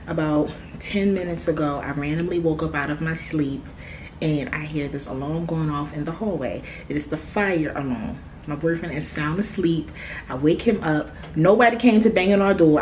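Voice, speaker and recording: A young woman talks straight into her phone camera for a casual vlog. She sounds animated and exasperated and swears freely. A faint background hiss runs under her voice. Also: lowish voice. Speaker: vlogger. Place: hotel room at night.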